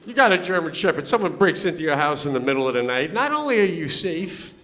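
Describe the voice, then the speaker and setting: A man performing stand-up comedy on stage, telling stories in a loud, animated way and yelling his punchlines. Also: fairly high pitch, quick pace, big-room sound. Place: comedy stage before a live audience.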